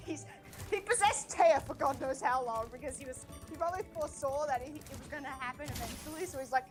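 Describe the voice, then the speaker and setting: Rambling, foul-mouthed high-voiced woman streamer. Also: a little fast, soft background music. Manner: rambling, animated, swears freely. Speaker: livestreamer. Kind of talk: casual chat while streaming a game. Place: home streaming setup.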